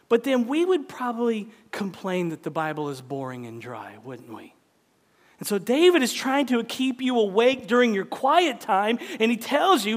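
A man's voice: very high voice, very animated, normal speed. A man preaching a sermon, telling a story with dramatic quoted voices. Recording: long hall reverb.

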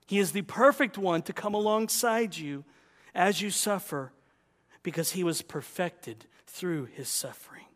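A man's voice: sits high, a little slow, a bit bright. A man preaching a sermon as pastor, emphatic and impassioned, in a church. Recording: long reverb of a large hall.

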